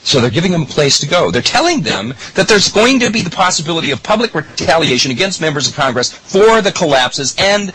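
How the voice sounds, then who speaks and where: A middle-aged man hosts a political talk radio show, his voice bright and edged as it leaps up and drops down. He rambles indignantly, restarting sentences and speaking straight to his listeners. A faint noise sits under the recording. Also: a little high, big pitch swings, a little fast, few pauses, low-quality recording. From United States.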